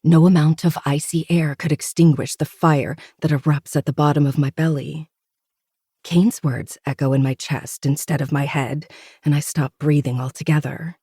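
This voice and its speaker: Brief: host narrating a novel, mellow dark tone, steady intimate delivery. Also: medium pitch, moderate pace, husky, no echo, clean studio sound. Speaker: podcast host reading a novel. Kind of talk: first-person audiobook narration.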